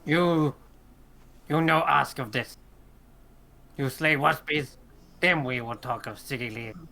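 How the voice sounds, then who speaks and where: A man voicing a gruff male tribal creature chief who talks in broken, halting phrases, in a tabletop game. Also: medium pitch, sharp tone, full character voice. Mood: stern.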